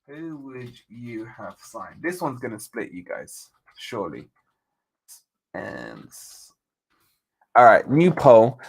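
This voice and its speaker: Male streamer, casual, chatty, reads chat aloud, mid pitch, dry close sound. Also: no room sound. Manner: chatty, reads out viewer comments, jokey banter. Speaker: livestream host reading chat. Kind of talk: casual late-night live stream chat.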